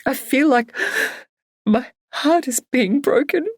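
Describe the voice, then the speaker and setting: A grieving woman pours out her sorrow in a high, quavering voice that drags with tears, as a woman reader puts her on. The sound is close and dry, with no room around it. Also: expressive, dry recording. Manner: high, trembling, slow sobbing delivery. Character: grieving woman friend, tearful and raw.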